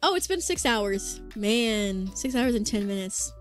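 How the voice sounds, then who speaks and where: A woman's voice: medium pitch, lively intonation, a little slow. A young woman streaming as a vtuber, chatting casually with lots of "like" and "um", her throat sore after hours of talking. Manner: rambling, filler-heavy, reads chat aloud. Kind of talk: casual livestream chat. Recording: faint music behind the voice.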